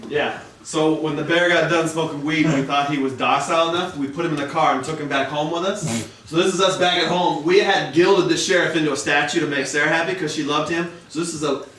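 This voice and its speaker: A man's voice: a little high, fairly bright tone, slight background noise. A man improvising an absurd comic story about a slide show, rambling and often laughing at his own lines. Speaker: comedian. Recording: very echoey room, far from mic.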